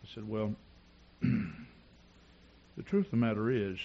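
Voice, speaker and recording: A man preaching a sermon in a church, telling personal stories and rising to shouts at the climax. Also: lowish voice, takes it slowly, creaky, dull audio. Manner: storytelling preacher who builds to shouting.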